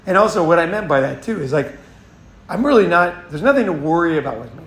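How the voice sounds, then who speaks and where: A man's voice: a little high, lively intonation, quick pace, roomy sound. A man hosting a casual advice monologue, blunt and profane, often restarting and repeating himself. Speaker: host.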